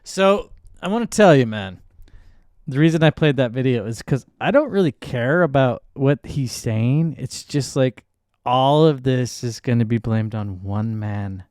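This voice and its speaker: A man co-hosting a podcast, talking in casual, profane banter with animated asides. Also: mid-range voice, clear, resonant tone, dry recording, clean studio sound. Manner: animated, swearing, quick asides. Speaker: podcast co-host.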